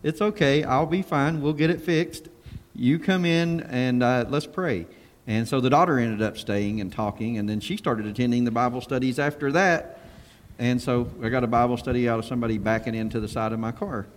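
A pastor telling lively stories and acting out the quotes as he goes. His voice sits at a middle pitch, and a long reverb trails behind it in the room. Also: normal speed. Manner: animated storyteller who acts out quotes and laughs. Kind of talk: casual panel discussion.

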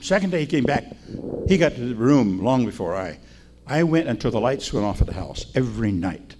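A man's voice: medium pitch, big pitch swings, normal speed, darkish tone, a little hiss or hum. An older man preaching in a chatty, storytelling way, often asking his listeners questions. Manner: folksy, chatty, asks the audience. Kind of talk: storytelling sermon.

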